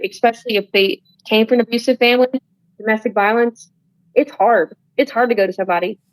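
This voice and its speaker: A woman's voice: mid-range voice, dry recording, rough recording. A young woman guest on a podcast, speaking earnestly and candidly, often restarting with "like". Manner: earnest, repetitive, with restarts and "like" fillers. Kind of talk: candid conversational advice.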